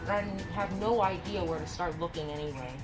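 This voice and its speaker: A man's voice: high-pitched, fairly quick, over loud music, lightly acted. A man playing a wary, hunted man in an amateur fan film, with plain, conversational delivery. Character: hunted man on a tight deadline, wary ally.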